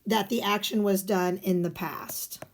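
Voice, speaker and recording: Woman teacher, mid pitch, slow and patient, step-by-step walkthrough for a recorded lesson. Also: steady tone, gravelly, a little hiss or hum. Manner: step-by-step explaining, asks and answers her own questions. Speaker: Spanish teacher. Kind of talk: recorded video lesson walking through guided notes.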